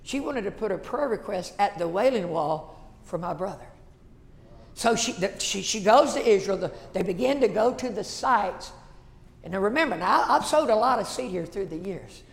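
A man, a pastor telling a folksy story in a sermon that builds to shouted passion. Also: high voice, animated, normal speed, creaky. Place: church sanctuary. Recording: echoey church hall.

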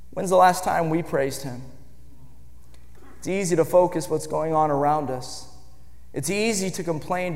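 A man preaching a sermon, moving from quiet, measured passages to shouted declarations. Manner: builds from low, measured speech to shouted emphasis. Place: church sanctuary. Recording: church hall with long reverb.

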